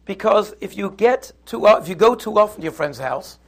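A man teaching a Torah class, lively and conversational, who acts out little scenes in voices. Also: high-pitched, brisk. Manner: animated, acts out the quarrel in put-on voices.

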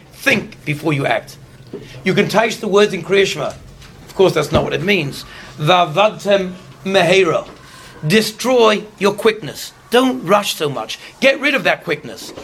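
High gravelly male Torah teacher. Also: a bit bright, slight background noise. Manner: storytelling, slows down on key lessons. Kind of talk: explanatory Torah class.

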